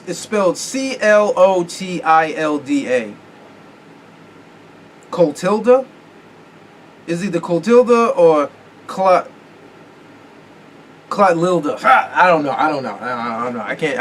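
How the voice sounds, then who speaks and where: A man hosting a podcast in loose, casual chat. He swears freely and keeps pausing to hunt for words. His voice sits a little high and sounds set back from the mic, with a faint hiss behind it. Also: expressive, a bit bright. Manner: rambling, profane, searches for words. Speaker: podcast host. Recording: distant mic with faint room noise.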